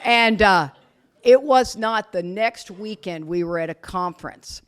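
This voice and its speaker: A woman speaking to a live audience as a guest speaker, telling her story with blunt, self-mocking humor, laughing often and loudly acting out what people said. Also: medium pitch, measured pace. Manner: animated, laughs often, acts out quotes loudly. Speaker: guest speaker at a recovery retreat.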